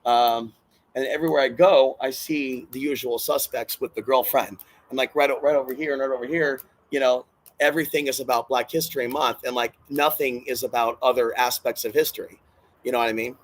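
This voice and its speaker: Distressed and hurting, a man rambles to his camera in a solo vlog, repeating himself, cursing and sounding agitated and emotional. He speaks briskly in a medium-pitched voice with fairly even intonation, over poor audio.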